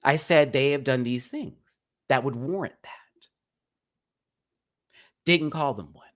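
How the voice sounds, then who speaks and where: A man's voice: medium pitch, takes it slowly. A man hosting a live review show who rants at a critic in a sassy, cutting way, throwing out pet names like sweetie and baby. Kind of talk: live confrontational rant to a critic.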